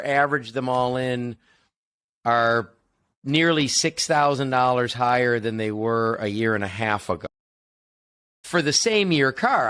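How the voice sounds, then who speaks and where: An American podcast host talks in an everyday conversational way. He keeps his pitch in the middle range and often doubles back with asides and restarts as he explains his points. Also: fairly bright tone. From United States. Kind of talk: casual podcast chat.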